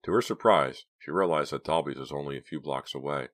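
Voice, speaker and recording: A man reads a novel aloud with a strikingly deep, low voice. His delivery is measured and steady, in the manner of a scripted audiobook narration.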